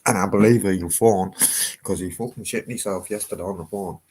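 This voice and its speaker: A man's voice: low voice, brisk, a little mellow, breathy edge. A man with a Teesside accent, swearing a lot as he chats brashly on a live stream from his loft. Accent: Teesside English. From Northeast England. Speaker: livestream host. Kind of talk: casual live-stream chat. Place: house loft.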